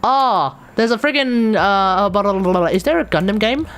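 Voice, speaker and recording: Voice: mid-range voice, animated, a little fast, a bit bright. An Australian live streamer in casual chat, rambling and exasperated, with mild swearing.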